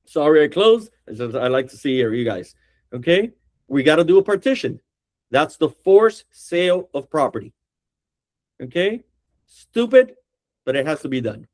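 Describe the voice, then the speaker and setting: A man's voice: a little high, very animated, normal speed, pauses often, a little mellow. A middle-aged man, an attorney, teaching a training class for real estate agents in a direct way, often checking in with the class.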